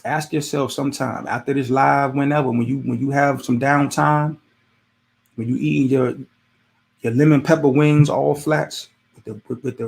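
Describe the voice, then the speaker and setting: Gravelly man giving casual advice. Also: medium pitch. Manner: conversational, repetitive, preachy with rhetorical questions. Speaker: podcast host. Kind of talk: casual motivational monologue.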